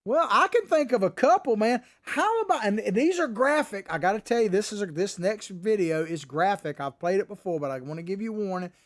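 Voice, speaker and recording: Middle-aged male host, high voice that swings all over, folksy and combative. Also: lively intonation, fairly quick, hardly any pauses. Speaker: commentary show host. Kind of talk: opinionated political commentary.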